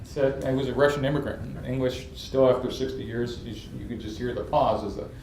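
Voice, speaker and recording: Here the New York entrepreneur talks a little fast in a medium pitch, playing the lively, funny storyteller as a guest in an interview. The event stage sound is echoey and recorded from a distance, with faint ambience plus a little hiss or hum.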